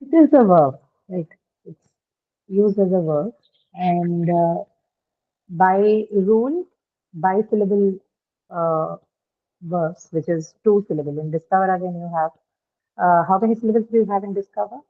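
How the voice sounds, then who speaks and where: A woman's voice: on the low side, a little slow, long pauses. A woman teaching a lesson on word stress, explaining step by step and often checking with "right?". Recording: thin phone-like line.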